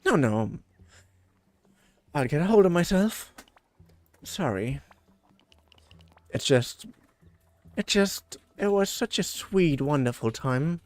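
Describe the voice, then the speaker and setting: A man voicing a tearful gentle young woman. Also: a little high, very animated, no echo, voice pushed up. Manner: emotional, halting.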